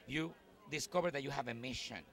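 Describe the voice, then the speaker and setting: A middle-aged man with a Puerto Rican Spanish accent, a Spanish speaker talking English as a stand-up comedian being interviewed at a festival, animated and excitable. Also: a little fast, vocal fry. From Puerto Rico. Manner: animated, excitable, lively swings in pitch. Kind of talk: festival red-carpet interview. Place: busy festival event in New York.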